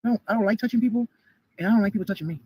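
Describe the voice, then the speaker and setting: A woman's voice: medium pitch, very fast, dark tone, husky, no echo, rough recording. Fifty-something woman rambling on a stream, keeps restarting her sentences. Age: 50s. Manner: rambling, hesitant, many restarts.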